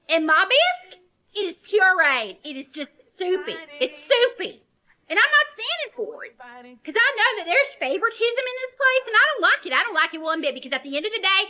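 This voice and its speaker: A woman's voice: extremely high pitch, pushed and bright, full character voice. A woman playing a sugary but scheming restaurant waitress in a comedy sketch, sweet to customers and threatening to coworkers.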